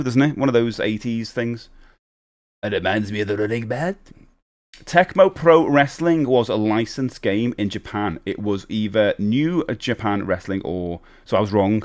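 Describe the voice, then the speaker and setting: A man streaming retro games live, chatting with viewers in a rambling, self-interrupting way. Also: mid-range voice.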